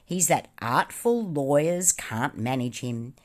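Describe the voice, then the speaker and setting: A woman voicing a rough-and-ready male sailor with hearty, blunt, slangy talk. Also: rumbling low, animated, slow, heavily acted.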